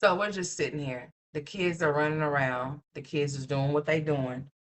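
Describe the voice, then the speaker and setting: Speaking low and at a moderate pace, this woman is a livestream commentator using a streaming mic. She reacts to someone casually, telling them off in blunt, profane terms.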